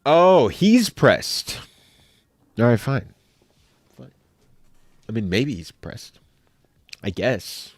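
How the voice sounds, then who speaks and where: A young man talks casually on a live stream and keeps joking back at his chat. His pitch swings widely from low mutters to sudden high bursts. The sound is dry and close to the mic, with no room echo. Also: big pitch swings, extremely slow, pauses often.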